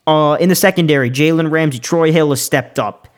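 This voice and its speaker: A man's voice: fairly high pitch, a little fast. Fired-up young man ranting about football. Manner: heated, fired up, repeats himself and restarts often. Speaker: sports podcast host. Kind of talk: casual opinionated sports rant and picks.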